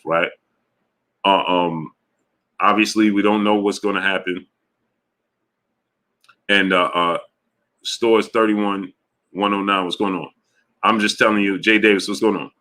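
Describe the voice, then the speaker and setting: A man hosting a boxing livestream, talking casually to his chat in an animated, emphatic way, often repeating himself. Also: fairly low pitch. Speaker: boxing show host.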